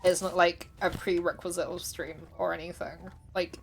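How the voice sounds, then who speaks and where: Lower-voiced woman chatting on stream. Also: level tone, normal speed, a little hiss or hum. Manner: chatty, self-deprecating, laughs often. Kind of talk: casual livestream chat while gaming.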